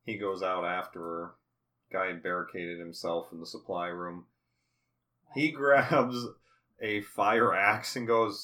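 A man's voice: sits low, steady tone, slow pace, pushed and bright. A man in casual chat recapping a TV episode, acting out scenes in put-on voices. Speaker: podcast co-host.

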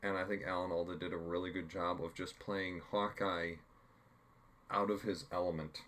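Very deep-voiced man chatting casually. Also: little pitch movement, fairly bright tone. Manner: rambling, halting with fillers and restarts. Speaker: podcast co-host. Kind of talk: casual chat reviewing a TV episode.

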